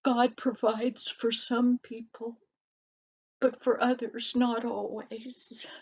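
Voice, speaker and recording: A woman voicing a discouraged young boy who speaks low and quietly. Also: expressive, slow pace, a little hiss or hum. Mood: downcast. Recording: dull lo-fi recording.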